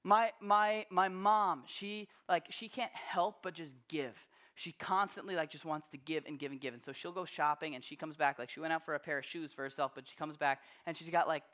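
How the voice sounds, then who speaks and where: A man's voice: on the high side, a little fast, hardly any pauses, sharp tone. Conversational man preaching a sermon. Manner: conversational, storytelling, frequent restarts. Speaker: pastor.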